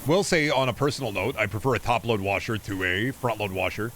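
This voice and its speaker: A man's voice: lowish voice, fairly quick, fairly bright tone, a little hiss or hum. A man streaming a game from his home setup, chatting casually and sardonically, swearing freely and muttering to himself. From Iowa. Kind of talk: casual gameplay streaming chat. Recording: faint music behind.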